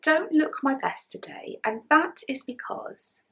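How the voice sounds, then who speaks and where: A woman's voice: sits high, animated, a little slow. A middle-aged English woman chatting to camera in a casual knitting vlog, emotional and close to tears, her voice often dropping to a whisper. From England. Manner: chatty, emotional, soft-spoken, drops to whispers. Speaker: knitting vlogger.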